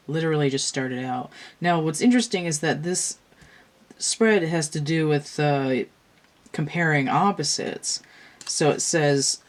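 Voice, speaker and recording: A woman's voice: deep voice, unhurried. A woman giving a casual tarot reading in a rambling, slangy way, with a lot of "like" and free swearing. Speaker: tarot reader.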